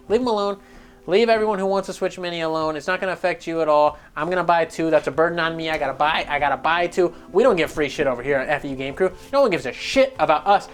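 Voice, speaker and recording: A man hosting a gaming news show in a casual, profane, animated rant. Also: on the high side.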